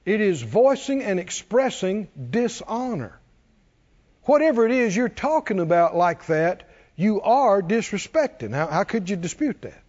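A man preaching a sermon, animated and joking with the congregation. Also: high voice, unhurried, muffled recording. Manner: animated preaching, jokes with congregation, does cartoon voices. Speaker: pastor.

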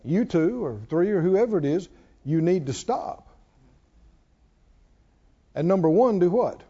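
A man's voice: high voice, lively intonation, unhurried, dark tone, husky. A man preaching a sermon who keeps putting questions to his congregation, in a dull lo-fi church recording. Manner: call-and-response preaching, asks the congregation questions.

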